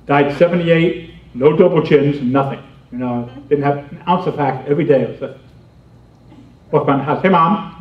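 A man giving a humorous seminar talk, animated and chatty, laughing often and acting out little scenes. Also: on the high side, moderate pace. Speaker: comedy seminar speaker. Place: seminar room. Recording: roomy, muffled, distant hall recording.

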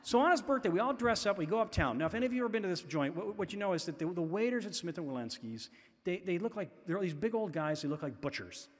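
A man's voice: high voice, expressive, fast. A middle-aged man from the Boston area telling chatty anecdotes at a public talk, full of "you know" asides. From Boston area, USA. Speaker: author giving a festival talk. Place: large festival venue. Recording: long hall reverb in a big venue.

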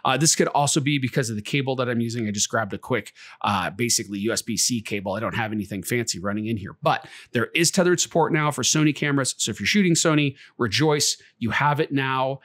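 A man at mid pitch talks through a photo-editing program step by step, relaxed and conversational, often pausing on an uh. The sound is dry and close, with no room echo. It feels like a home desk screencast. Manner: relaxed, conversational, with frequent filler uhs. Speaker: photography channel host. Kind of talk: software tutorial screencast. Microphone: desktop mic, muffled at times while shooting.

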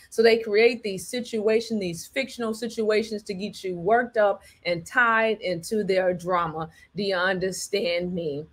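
A woman's voice: medium pitch, moderate pace. A woman hosting a commentary talk, speaking emphatically and often checking in with her listeners, acting out quoted lines. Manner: preachy, repeats "all right" and "do you understand me", acts out quotes. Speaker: host.

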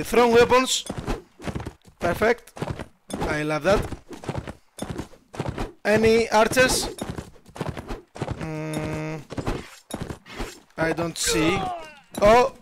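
Young man, high-pitched, unhurried, excitable gameplay commentary, swears when things go wrong. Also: noisy background. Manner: excitable, swears and shouts at his troops, laughs at himself. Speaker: gaming YouTuber.

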